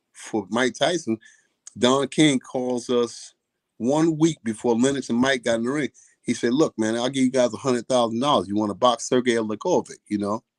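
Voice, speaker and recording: An older man, a boxing trainer, telling a profane story and acting out the quoted voices. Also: medium pitch. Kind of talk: casual storytelling.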